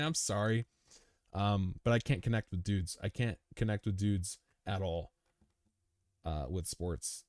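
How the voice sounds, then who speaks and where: A man's voice: lowish voice, darkish tone, no echo, studio quality. A man hosting a crypto live stream, chatting casually and answering viewer comments in a rambling, chummy way, worn out after a long session. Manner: laid-back, rambling, chummy, calls viewers dude.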